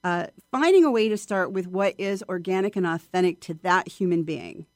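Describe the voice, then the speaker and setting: A woman voice coach chatting in an interview, lively and expressive, often acting out her students. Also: fairly low pitch, normal speed, no room sound, clean studio sound. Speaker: voice coach guest. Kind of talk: casual interview chat.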